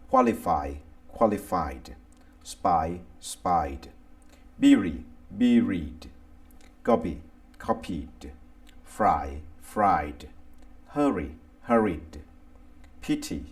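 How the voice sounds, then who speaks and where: Thai-accented man teaching english grammar, really slow, low gravelly voice, pitch jumps around a lot. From Thailand. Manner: slow, deliberate, reads word lists aloud one by one. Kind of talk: slow scripted grammar lesson.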